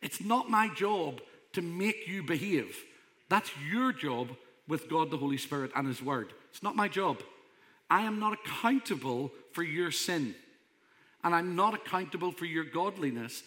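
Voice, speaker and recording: Male pastor, emphatic conversational preacher, bright voice, reverberant hall. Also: a little high, animated, unhurried. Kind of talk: sermon.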